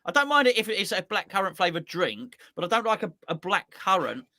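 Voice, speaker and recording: A man's voice: sits high, very animated, a little fast, pushed and bright, dry recording, clean studio sound. A man, co-hosting a casual chat in a playful, rambling way, with plenty of ums. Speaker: co-host.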